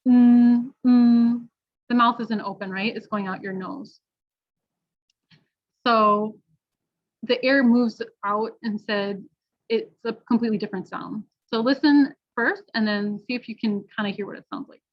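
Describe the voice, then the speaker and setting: A woman teaching pronunciation, modeling words slowly and repeating each one clearly. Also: mid-range voice. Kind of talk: slow, clear pronunciation lesson. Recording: dull lo-fi online class audio.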